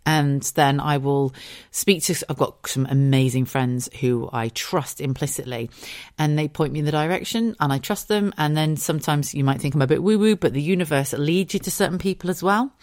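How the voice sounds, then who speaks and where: Podcast host: a woman in her forties with a low voice, frank and sweary, recorded dry and close. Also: normal speed, a little mellow, dry recording. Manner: candid, chatty, swears, goes off on tangents. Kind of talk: casual solo podcast monologue.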